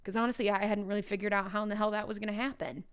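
A woman's voice: mid-range voice, fairly even intonation, rapid-fire, smooth. A woman hosting a podcast for teachers, talking casually and speaking straight to her listeners. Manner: chatty, conversational, speaks directly to listeners. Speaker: podcast host.

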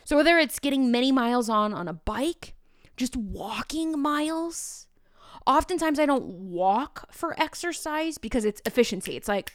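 A young woman hosts her own unedited podcast, speaking candidly and encouragingly to her listeners with an emotional edge. Her voice sits a bit high, and the close microphone gives a dry sound with no room around it. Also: expressive, moderate pace, no room sound. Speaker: podcast host. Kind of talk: unedited solo podcast talk.

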